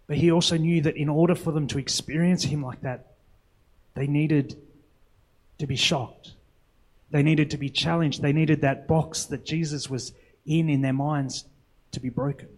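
A man's voice: fairly high pitch, steady tone, moderate pace, pauses often, rough recording. A young adult man preaching a sermon in an earnest, reflective way, often posing rhetorical questions to the congregation.

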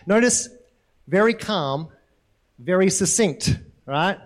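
A man preaching a sermon in a relaxed, conversational way who keeps checking in with his listeners by asking "right?". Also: high-pitched, moderate pace. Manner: conversational, asks the congregation questions, frequent tag "right?". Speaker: pastor.

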